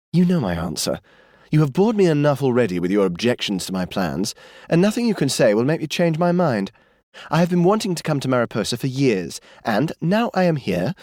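A headstrong young woman of twenty-one, scornful and quick to mock, as a male narrator puts her on. The voice sits well above his own and swings freely in pitch. Dry, close audiobook sound with no room around it. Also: darkish tone, no echo. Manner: mocking, defiant, raised pitch. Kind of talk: audiobook character voice.

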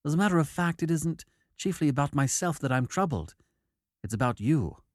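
A man voicing a pale, nervous young English gentleman who talks in a peevish, apologetic way. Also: on the high side, lively intonation, a little fast, dry recording, studio quality, pitched above the performer's own voice, lightly acted.

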